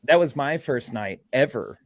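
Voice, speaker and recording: A man, a paranormal investigator, telling an investigation story in a lively way and acting out what people said. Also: medium pitch, normal speed, dry recording. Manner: lively, acts out quotes. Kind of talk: animated storytelling.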